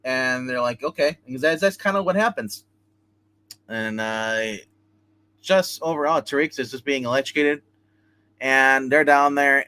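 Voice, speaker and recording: A man hosts a live comic book review stream in a clean, mid-range voice with no room sound. He retells the story in a relaxed, animated manner and acts out each character's lines.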